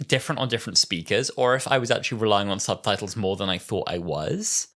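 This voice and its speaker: A man in his twenties co-hosting a podcast in casual chat, animated and laughing often. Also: lowish voice, quick pace. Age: 20s. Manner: animated, laughs often, breaks into silly voices. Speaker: podcast co-host.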